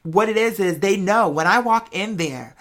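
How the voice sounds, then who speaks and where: A man's voice: sits high, normal speed. A young man hosting a podcast, chatting expressively to listeners in a casual storytelling style. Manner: expressive and chatty, addresses listeners as y'all and girl. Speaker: podcast host.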